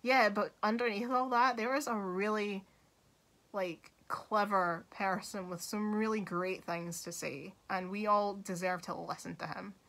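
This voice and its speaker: A young woman hosting a casual gaming talk video, animated and laughing often, swearing freely as she shares her thoughts. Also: mid-range voice, measured pace.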